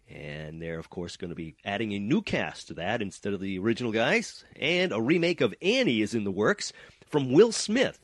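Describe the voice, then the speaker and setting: A man's voice: mid-range voice, no room sound. Stuffy-nosed man hosting a show. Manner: chatty, many uhs and trailing off. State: stuffed up with a cold. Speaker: host.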